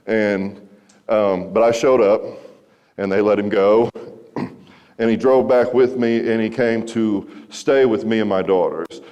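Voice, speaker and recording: A man in his thirties, a recovery speaker, tells a wry, conversational story to a school audience in a large hall and asks them questions. His voice is fairly low and warm, while the audio sounds dull with hall reverb.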